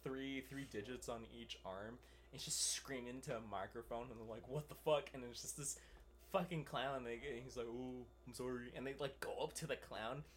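A casual podcast co-host who rambles through stories and laughs as they go, and who drops "like" and curse words constantly. The pitch sits in a middle range that could belong to either sex. Faint noise runs underneath the recording. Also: fairly quick. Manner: rambling, laughing, swearing, lots of "like". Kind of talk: casual chat.

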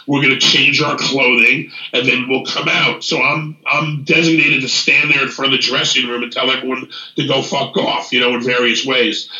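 Animated man in an echoey room. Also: medium pitch, dull audio. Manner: animated, swears freely, retells scenes in quoted speech. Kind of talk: casual storytelling chat.

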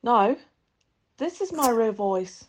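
A woman's voice: a little high, very animated, slow pace, a little hiss or hum. A young woman from northern England recording three takes of her voice, one in a poor Australian accent. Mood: playful.

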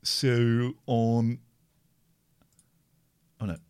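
A man's voice: medium pitch, little pitch movement, very slow, a little mellow, clean tone. A man hosting a casual live stream, rambling playfully and talking to himself as he clicks through tasks. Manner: rambling, playful, talks to himself while working. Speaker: streamer and radio-style host.

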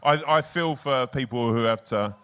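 A man on stage, animated and sweary, who acts out little scenes while joking with the hosts. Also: medium pitch, normal speed, clear, resonant tone. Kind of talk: live comedic banter.

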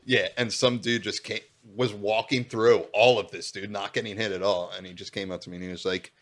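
A man's voice: fairly low pitch, flat delivery, a little fast. A man co-hosting a podcast, telling laid-back stories and saying "dude" constantly. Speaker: podcast co-host. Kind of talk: casual storytelling chat.

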